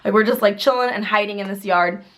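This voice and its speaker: A woman's voice: mid-range voice, fast. Chatty young woman telling a storytime vlog. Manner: chatty, filler-heavy, bursts into excited quoted voices. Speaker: vlogger.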